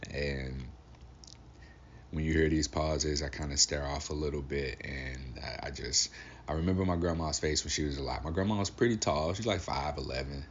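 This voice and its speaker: A man's voice: rumbling low, moderate pace, muffled recording, slight background noise. A man in his thirties hosting a solo podcast, talking about grief in an emotional, reflective way and swearing casually. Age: 30s. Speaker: podcast host. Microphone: audio-only recording.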